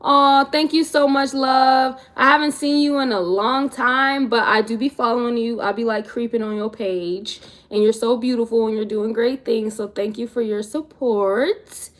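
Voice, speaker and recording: Young woman vlogger talkin to her chat, laid-back and slangy, voice a bit on the high side. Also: steady tone, normal speed, hardly any pauses, fairly bright tone. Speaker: vlogger answering live chat. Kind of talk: casual livestream chat.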